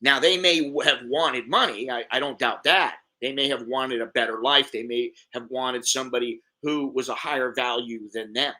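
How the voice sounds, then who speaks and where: A man's voice: mid-range voice, moderate pace, hardly any pauses, sharp tone. A middle-aged American man telling a rambling story in a casual vlog, repeating words and acting out what others said. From United States. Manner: rambling, repeats words, acts out quoted voices. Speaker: expat vlogger.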